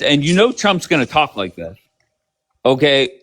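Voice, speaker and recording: A man's voice: mid-range voice, expressive, unhurried, fairly bright tone. A man hosting a live stream who presses his caller with pointed questions and keeps interrupting. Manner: pressing, interrupting, asks for yes or no. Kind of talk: casual political debate.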